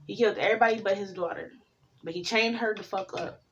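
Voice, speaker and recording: A woman rambles through a casual tarot reading, swearing constantly and wandering into lively tangents. She sits a little away from the microphone. The sound is muffled, with a faint hiss behind her. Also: medium pitch, fast, far from the mic. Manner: profane, rambling, animated storytelling. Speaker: tarot reader.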